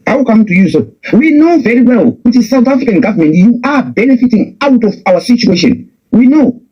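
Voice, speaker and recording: A man's voice: extremely high pitch, animated, a little fast, husky. A young Zimbabwean man with a Zimbabwean accent, delivering a confrontational, repetitive political rant with many restarts. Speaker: political commentator. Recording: dull lo-fi recording.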